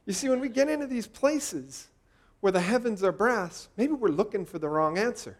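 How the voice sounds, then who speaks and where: High-voiced man preaching a sermon. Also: animated, normal speed. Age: 40s. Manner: conversational, rhetorical questions to the congregation.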